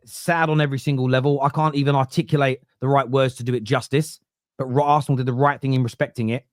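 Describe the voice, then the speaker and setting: A man's voice: mid-range voice, level tone, fast, no room sound, clean studio sound. A man on a football podcast panel, arguing earnestly and emphatically, often restarting his sentences. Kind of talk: casual football debate.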